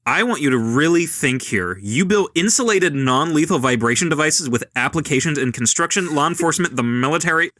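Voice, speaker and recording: A man reading the lines of a smooth rich young man who calmly talks an armed robber down. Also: on the high side, fairly quick, few pauses, dry recording. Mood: persuasive.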